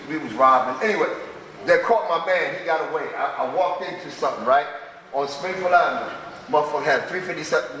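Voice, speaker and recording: A middle-aged man sharing at a recovery meeting tells raw, profane stories about his past, speaking like a street-talking storyteller in a large meeting hall. His voice is on the high side and fairly bright. The recording is echoey, made with a distant mic, and has a little hiss or hum.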